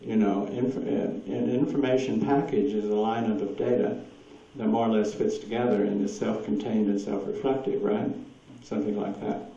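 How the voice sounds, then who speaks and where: A man's voice: on the low side, steady tone, normal speed, few pauses, mellow, recorded from a distance. A man telling anecdotes at a presentation and taking audience questions, rambling and chuckling often as he acts out quoted voices. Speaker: speaker at a presentation. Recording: dull echoey hall recording from afar.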